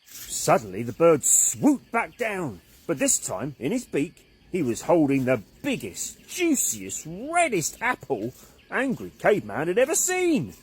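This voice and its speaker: Animated man reading a children's story. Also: on the high side, a little slow, husky.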